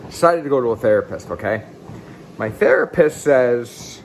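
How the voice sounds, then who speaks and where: Rich: a man in his thirties recounts his own story with a mid-range voice and a faint hiss behind it. He talks in a blunt, casual way and swears now and then. He swings between excited bursts and low, quiet asides. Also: normal speed, poor audio. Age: 30s. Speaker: vlogger telling his life story. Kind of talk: candid personal storytelling.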